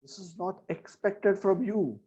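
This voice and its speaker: A man giving a sermon on scripture, slowly chanting verses and asking rhetorical questions. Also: high-pitched, mellow, breathy edge. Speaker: spiritual teacher. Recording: dull lo-fi recording.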